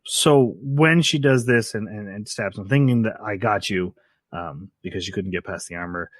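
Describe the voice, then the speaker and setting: A man's voice: lowish voice, no echo. Dry-sounding man recapping an anime. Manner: recaps the plot in quick bursts, acting out lines and laughing. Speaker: podcast co-host. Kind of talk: casual chat.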